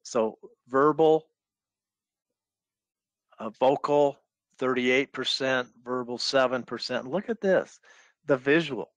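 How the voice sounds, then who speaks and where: Slow, measured male webinar moderator. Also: medium pitch, no echo. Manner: measured, summarizing, hands questions to panelists. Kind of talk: business webinar discussion. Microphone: video call.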